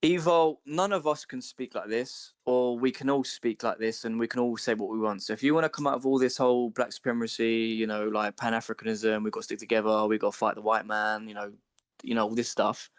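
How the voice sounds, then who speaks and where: Man, mid pitch, animated ranting, swears freely, casual chat. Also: brisk, clean tone, dry recording, clean studio sound.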